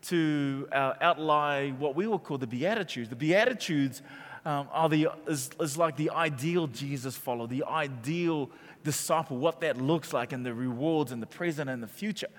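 New pastor preaching in a hall. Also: male voice, a little high, normal speed. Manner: call-and-response preaching, grows loud on key points. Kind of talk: sermon. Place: church auditorium. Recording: long reverb from a large hall.

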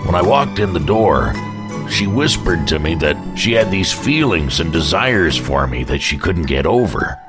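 Male radio host, very deep voice, lively delivery, music behind. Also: normal speed. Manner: dry, mock-grumpy humour. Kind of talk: radio show hosting.

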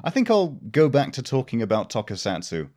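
A man's voice: medium pitch, huge pitch swings, a little fast, a little mellow. A man co-hosting a casual podcast, discussing a film with dry, joking commentary. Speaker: podcast co-host.

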